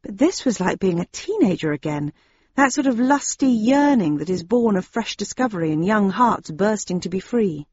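A woman reads a first-person story in a wry, expressive storytelling manner. Her voice is a touch husky and breathy, recorded very dry and slightly dull. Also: medium pitch, normal speed, no echo. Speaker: audiobook narrator. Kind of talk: first-person audiobook narration.

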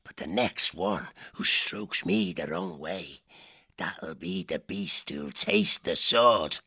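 A man voicing a swaggering, cruel male fox pirate captain in an audiobook, with rough pirate speech and a bullying, boastful manner. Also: sits low, takes it slowly, pushed and bright, no room sound, clean studio sound, heavily acted. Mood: menacing. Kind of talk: audiobook character voice.

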